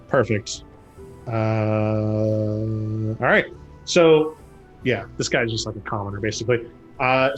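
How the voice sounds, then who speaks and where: A man narrating a tabletop game as game master, who breaks into loud, high voices for the characters. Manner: lively, acts out characters with loud jumps in pitch.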